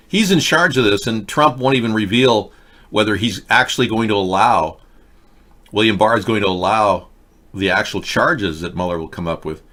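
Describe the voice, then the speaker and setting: A man hosting a live online talk show, rambling through casual commentary with wry asides to his viewers in a fairly monotone voice. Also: fairly low pitch. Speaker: host.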